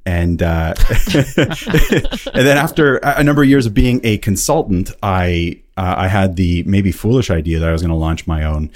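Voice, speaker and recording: Very deep-voiced male podcast guest. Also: animated, normal speed. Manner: easygoing, explanatory, self-deprecating. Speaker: sponsorship consultant, guest. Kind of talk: casual interview chat.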